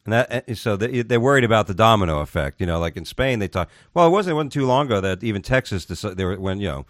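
A man's voice: on the low side, expressive, quick pace, few pauses, no room sound, studio quality. A man co-hosting a podcast in casual chat, rambling and joking. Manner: rambling, jokey, puts on silly voices. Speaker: podcast co-host.

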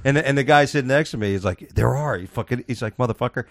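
A man's voice: mid-range voice, fast, no echo, studio quality. A man hosting a casual talk show, telling crude stories and acting out the voices of the people in them. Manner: profane, animated storyteller acting out voices. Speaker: podcast host.

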